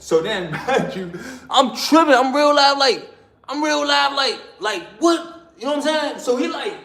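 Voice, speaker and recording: A man telling a story in a casual, animated, slangy way, laughing often. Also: extremely high pitch, a little slow, vocal fry.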